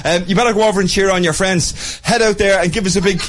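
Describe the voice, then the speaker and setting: A man's voice: high voice, quick pace. An Irish man hosting a radio show, teasing children as he interviews them at a primary school. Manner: playful, teasing, lively. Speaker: radio host.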